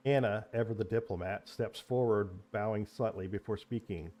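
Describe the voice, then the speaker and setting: A man narrating a tabletop role-playing game as its game master. His storytelling is descriptive and measured, and his voice is low and mellow.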